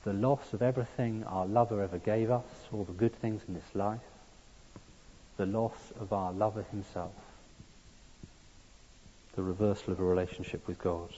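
A man's voice: on the low side, steady tone, moderate pace, long pauses, mellow, slightly rough. A man preaching a sermon, earnest and building to emphatic peaks. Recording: dull sound in a long-reverb hall.

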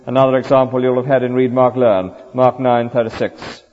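A man's voice: medium pitch, little pitch movement, a little fast, darkish tone. A man preaching a sermon in an earnest, rhetorical way, often ending points with tag questions. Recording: dull lo-fi recording with long hall reverb.

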